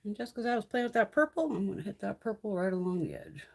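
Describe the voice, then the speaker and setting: A woman's voice: mid-range voice, animated, fast, gravelly, slightly rough. Blunt, swearing woman chatting casually. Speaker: beauty vlogger. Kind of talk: casual live-stream chat.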